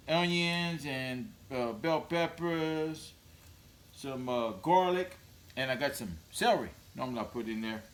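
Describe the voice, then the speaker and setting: A man's voice: medium pitch, a bit bright, roomy sound, slight background noise. Folksy man cooking at home. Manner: folksy, rambling, with many fillers. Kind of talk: casual cooking demonstration. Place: home kitchen.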